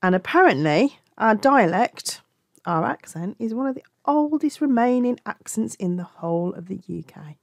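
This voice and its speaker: Animated and affectionate, this crochet tutor talks at a moderate pace in a medium-pitched voice, often correcting herself mid-explanation. She has a Black Country accent from England, and the studio sound is clean with no room sound.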